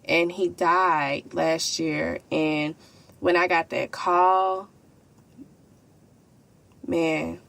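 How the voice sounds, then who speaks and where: A woman's voice: lowish voice, level tone, drawn-out words, gravelly, long pauses, a bit bright. A young woman hosting a podcast, signing off in heartfelt, slangy casual talk. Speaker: podcast host.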